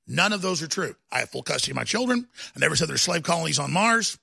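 A man hosting a talk show, delivering a combative political rant that builds into shouting. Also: a little high, expressive, fast talker, vocal fry, slightly rough.

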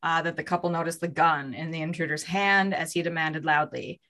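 A woman hosting a podcast tells a crime story in a relaxed, chatty way. Her voice sits a little low but sounds bright and forward. She narrates with fillers and asides. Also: fairly quick. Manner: reads out a story with fillers, voicing quoted lines. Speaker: podcast host telling a true crime story.

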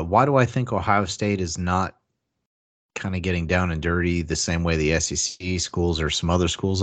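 A man's voice: low-pitched, a bit bright. A man in a casual sports debate, insistent and argumentative, with many fillers.

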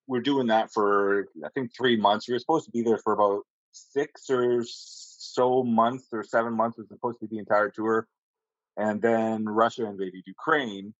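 A man with a lowish voice tells navy stories in a loose, rambling way, peppered with swearing and lots of "uh"s and restarts. The sound is dry and a bit dull, like a lo-fi recording. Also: no echo. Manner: rambling, profane, many fillers and restarts. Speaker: podcast guest, navy sailor. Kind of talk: casual storytelling.

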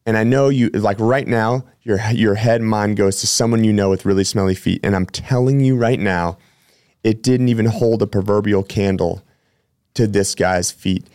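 A personal trainer hosting a podcast tells casual stories that ramble and chat along, with plenty of self-corrections. His voice is on the low side and a little mellow, at a moderate pace. The studio-quality audio has no room sound.

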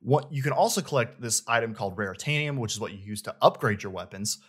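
A man's voice: on the low side, lively intonation, fast talker, a bit bright, slightly rough. A man hosting a casual chat, rambling enthusiastically about a video game. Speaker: host, game reviewer.

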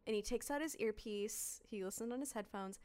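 A woman in her thirties co-hosting a casual chat, quick to laugh and chime in. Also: medium pitch, a little mellow. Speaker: podcast co-host.

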